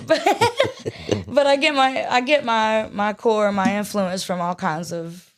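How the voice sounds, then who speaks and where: A woman's voice: mid-range voice, steady tone, a little slow, clear, resonant tone. A woman from Georgia with a Southern accent, talking as a podcast guest in a chatty, rambling way with many restarts. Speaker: guest singer-songwriter. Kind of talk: casual podcast interview.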